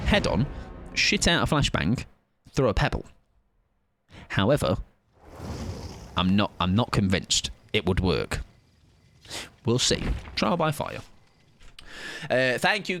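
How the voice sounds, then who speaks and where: A man's voice: mid-range voice, huge pitch swings, takes it slowly, long pauses, a bit bright, slight background noise. A tired young man rambling playfully and mocking himself while he comments on a game he is playing live. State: tired, sleep-deprived. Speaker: streamer.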